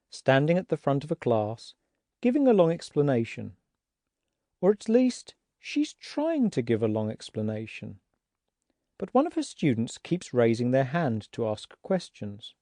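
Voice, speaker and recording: A man's voice: medium pitch, dark tone, dry recording, clean studio sound. Patient man teaching a language lesson. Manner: slow, patient, demonstrates tones with exaggerated example words.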